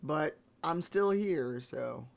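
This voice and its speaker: Gravelly-voiced man chatting with his stream. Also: a little high, expressive, slow pace. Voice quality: gravelly morning voice. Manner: laid-back, rambling, talks to chat. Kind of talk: casual chat.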